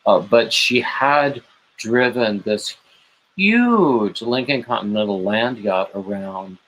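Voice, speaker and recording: A man's voice: lowish voice, expressive, slow pace, fairly bright tone, a little hiss or hum, low-quality recording. A man hosting a late-night livestream, rambling on and greeting chat viewers by name with gushing, emotional asides. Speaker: livestream host.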